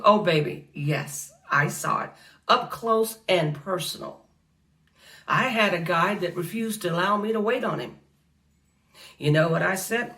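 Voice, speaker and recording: A woman delivers an impassioned faith talk in a preacherly way, repeating her lines and calling the crowd honey and baby. Her pitch sits in an ordinary middle range. She sounds a little distant from the microphone. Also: a bit bright. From United States. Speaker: speaker at a faith awards event.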